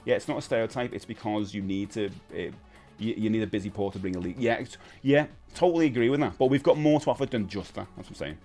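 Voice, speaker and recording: With faint music behind him, a British livestream host talks fast in a fairly low, slightly mellow voice. His chat is loose and full of laughter, fillers, and restarts as he reads out viewers' comments.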